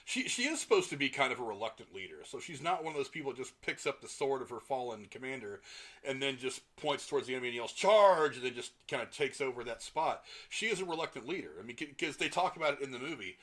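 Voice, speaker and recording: A man's voice: medium pitch, lively intonation, quick pace, bright, forceful tone. A man co-hosting a podcast, reading out listener comments and answering them in casual movie review chat. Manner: reads listener comments aloud and responds. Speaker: podcast co-host.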